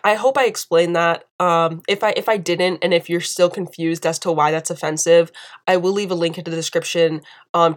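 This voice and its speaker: A young woman speaks to camera in an indignant, emphatic way, hammering her points home by repeating them. Her voice sits on the low side for a woman. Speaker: video commentator. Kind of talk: impassioned commentary.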